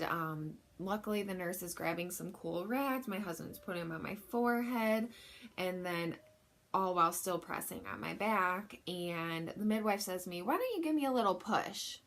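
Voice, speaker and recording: A woman's voice: lowish voice, a bit bright. A young woman casually telling a personal story in a candid, chatty, self-deprecating way. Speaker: vlogger.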